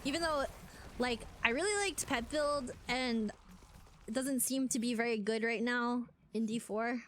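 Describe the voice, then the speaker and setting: A woman's voice: a little high, fairly even intonation, unhurried. A young woman streamer chatting casually to her viewers, giggling often and leaning on fillers like "like" and "um".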